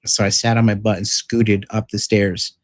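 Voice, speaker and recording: A man vlogging, retelling a rough experience in a rambling, profane, frank way with lots of fillers. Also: lowish voice, level tone, normal speed, no echo. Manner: frank and emphatic. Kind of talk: casual storytelling vlog.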